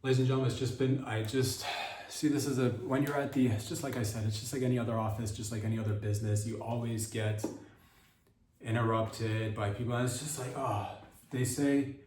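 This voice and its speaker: A man's voice: medium pitch, fairly even intonation, a little mellow, a little hiss or hum. A man hosting a comedy podcast, rambling through an improvised bit and cutting himself off mid-sentence. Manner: rambling, self-interrupting, quick asides. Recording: roomy, voice far from mic.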